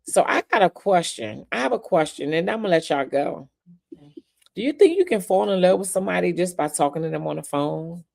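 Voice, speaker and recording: Woman, low voice, casual live-stream host, laughs a lot, talks to the viewers. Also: lively intonation, a little fast, creaky, darkish tone. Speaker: podcast host.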